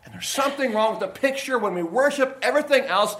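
Male pastor, high-pitched folksy sermon voice, rambling, given to loud bursts. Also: expressive, fast. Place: church sanctuary.

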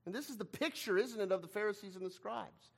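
Male preacher, very high pitch, dramatic sermon delivery, long hall reverb. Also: quick pace, gravelly, husky. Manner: dramatic, acts out quoted voices with shifting loudness.

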